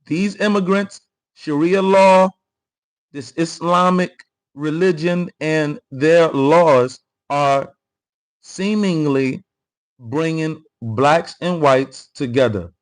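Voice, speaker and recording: A man's voice: a little high, takes it slowly, rough recording. A man hosting a live political commentary stream. He reads chat comments aloud, repeats phrases and talks straight to his viewers. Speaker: livestream host.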